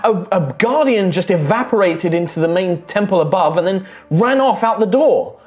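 A man's voice: high-pitched, animated, moderate pace, darkish tone, voice pushed up. A man voicing a blunt young half-elf woman warrior in a tabletop game. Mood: demanding. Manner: blunt, swearing.

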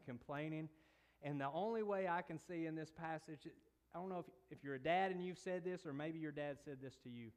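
A man preaching a sermon, retelling a scripture story with playful asides and big swings between quiet and emphatic delivery. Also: smooth. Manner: storytelling, rises and drops in pitch and volume, playful asides.

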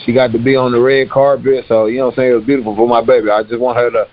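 A man's voice: mid-range voice, flat delivery, racing, phone-quality sound. A man guest on a podcast talking cheerfully in a casual chat.

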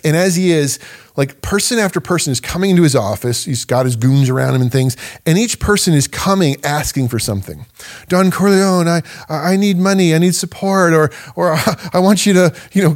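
Emphatic man teaching on a podcast. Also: on the high side. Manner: emphatic and animated, laughs between points. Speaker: podcast host and Bible teacher.

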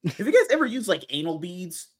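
Lively dude on a podcast, voice jumps all over, laughs a lot. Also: male voice, high-pitched, brisk. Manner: animated, laughing storyteller. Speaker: podcast co-host. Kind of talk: casual podcast chat.

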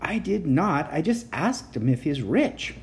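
A woman's voice: deep voice, very animated, unhurried, darkish tone, pitched above the performer's own voice, heavily acted. A woman voicing a cheeky young boy who jokes and teases, reading a storybook aloud. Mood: teasing. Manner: joking, teasing.

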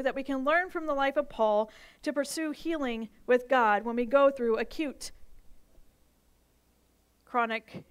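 Woman pastor, high pitch, lively and playful sermon delivery before a congregation. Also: smooth. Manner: animated, playful, with bursts of emphasis. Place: church service with live audience.

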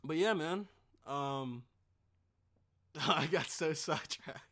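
High, bright-voiced young man ranting. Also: takes it slowly. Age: young adult. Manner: profane, excitable, rants with sudden loud bursts. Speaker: podcast host. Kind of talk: casual rambling monologue.

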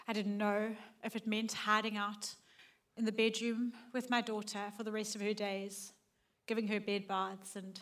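A middle-aged woman giving an earnest personal testimony at a church gathering, shifting from loud, laughing lines to soft, hushed ones. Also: mid-range voice.

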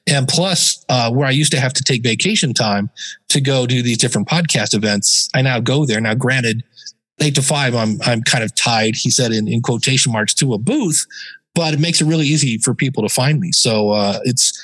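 A middle-aged man tells his story as a guest in a casual interview, with an ordinary mid-range voice. He talks chattily and slips into lively put-on voices when quoting other people. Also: mid-range voice, normal speed, slightly rough. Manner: chatty, acts out quoted people in animated voices. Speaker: podcast guest.

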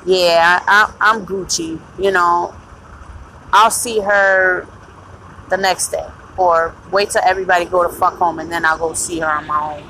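A woman venting in a blunt, profane, casual monologue, breaking into loud laughs. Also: lowish voice, fairly even intonation, a little slow, slight background noise, low-quality recording.

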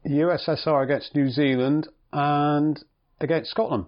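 A man, co-hosting a podcast and telling his stories in a relaxed, casual way. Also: fairly high pitch, unhurried. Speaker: podcast co-host. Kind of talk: casual chat. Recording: dull podcast audio.

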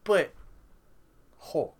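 A man co-hosting a podcast in casual chat, animated and ranting with constant swearing. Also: extremely slow. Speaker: podcast co-host.

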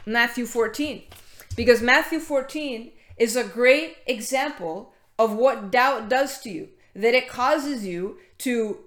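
In an echoey room, a woman with a fairly bright, somewhat high voice preaches a casual sermon. She reads scripture and talks informally with many fillers and restarts, even greeting latecomers partway through.

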